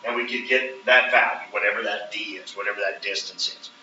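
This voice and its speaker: Male teacher lecturing to a class, checks in often. Sharp, bright voice, miked from afar in an echoey room. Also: fairly low pitch, steady tone, fairly quick, soft background music. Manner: explains step by step, checks in with frequent "right?". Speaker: math teacher. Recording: roomy, distant, dull classroom recording.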